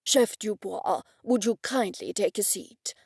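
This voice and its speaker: A woman's voice: medium pitch, a little slow, vocal fry, darkish tone, husky, no echo, studio quality. A woman voicing a pompous, sarcastic older male earl who talks in a haughty, stern way.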